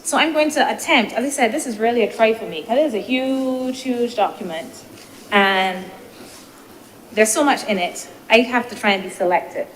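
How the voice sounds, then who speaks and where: A woman senator giving a measured, deliberative parliamentary speech, posing rhetorical questions, into a desk microphone in a legislative chamber. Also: fairly high pitch. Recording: reverberant chamber with faint noise.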